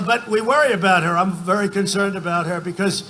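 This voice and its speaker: A man in his seventies giving a boastful, rambling rally speech, often shouting numbers to the crowd. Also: high-pitched, a little fast, noisy background. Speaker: political speaker at a campaign rally. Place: large outdoor rally.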